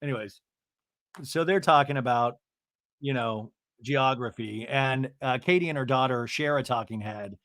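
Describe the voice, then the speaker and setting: A man's voice: medium pitch, moderate pace, fairly bright tone, dry recording. A man hosting a podcast, giving a rambling, self-mocking comedic recap of a TV episode. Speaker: podcast host.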